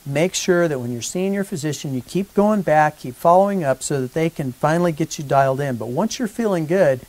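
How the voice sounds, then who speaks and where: A man, a physician, giving a conversational educational talk to patients and growing animated when he acts out exchanges with colleagues. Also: on the high side, brisk, poor audio.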